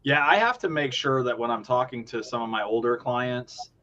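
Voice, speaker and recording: A man hosting a podcast in casual chat, tossing in quick quips. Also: mid-range voice, bright, forceful tone. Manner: quick quips and laughing reactions. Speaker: podcast host. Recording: dull lo-fi audio.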